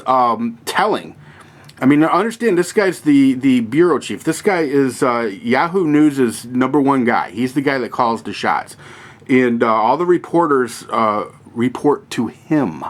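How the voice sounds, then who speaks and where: Sarcastic rambling man. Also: on the high side. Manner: sarcastic, rambling, with many fillers and restarts. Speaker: political commentary vlogger. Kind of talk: casual spoken commentary.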